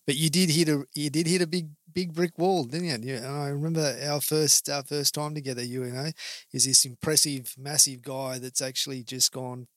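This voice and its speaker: A man's voice: on the high side, fairly even intonation, moderate pace, a bit bright, dry recording, clean studio sound. A man hosting a casual chat as a psychologist, reflective and asking leading questions. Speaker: psychologist host.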